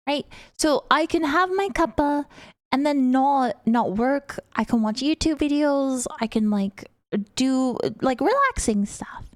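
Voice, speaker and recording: Chatty high-voiced woman streamer. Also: animated, slow pace, no echo, clean studio sound. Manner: affectionate, chatty, calls viewers sweetheart. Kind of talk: casual chat with stream viewers.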